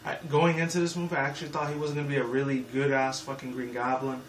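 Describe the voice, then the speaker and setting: A man's voice: mid-range voice, little pitch movement, quick pace. A man in his twenties giving a rambling, profane, casual movie review full of fillers. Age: 20s. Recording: echoey room, mic far off, faint noise.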